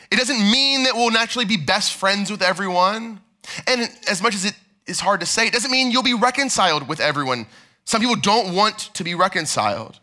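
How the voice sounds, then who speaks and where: A man pastor preaching a sermon in a church sanctuary, earnest, dropping to hushed tones and then rising for emphasis. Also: high-pitched.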